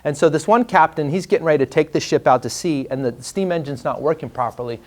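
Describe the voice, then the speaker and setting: Man, trainer in front of a class, chatty storytelling, fairly high voice. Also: fast. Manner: storytelling, conversational with fillers. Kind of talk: live workshop teaching. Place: training room before a class.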